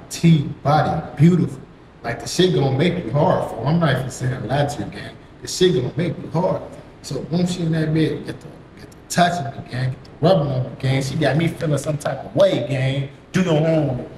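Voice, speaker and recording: A man's voice: medium pitch, fairly quick. A young man telling a story in a casual, slangy, profane monologue full of repeated catchphrases. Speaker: vlogger. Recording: echoey room, faint hiss.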